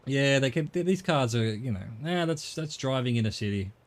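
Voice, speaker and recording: A man's voice: mid-range voice, lively intonation, a little fast. Rambling middle-aged Australian man. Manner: rambling, chatty, swears casually. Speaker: streamer. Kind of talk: casual gaming stream chat.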